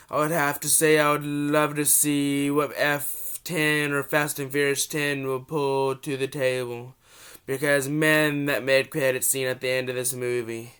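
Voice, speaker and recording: A young man with a cold giving a casual, rambling movie review vlog, often restarting his sentences and gushing with excitement. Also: medium pitch, smooth. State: has a cold.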